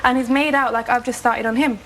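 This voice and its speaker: A woman's voice: fairly high pitch, steady tone, brisk, fairly bright tone, a little hiss or hum, poor audio. A British woman on a reality show, talking heatedly and repeating herself. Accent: British English. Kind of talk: heated casual talk.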